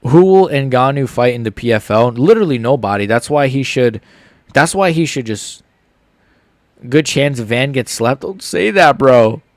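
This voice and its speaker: A young man with hiccups chatting casually on a live stream, reading viewers' messages aloud in relaxed slangy banter. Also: mid-range voice, moderate pace, no echo. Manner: reads chat aloud, laid-back slangy banter. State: has the hiccups. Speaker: streamer reacting live to fights.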